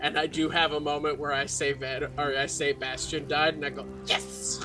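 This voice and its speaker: A man playing a tabletop game, talking casually and getting excited. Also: fairly high pitch, music in the background. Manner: excitable, quick. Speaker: player.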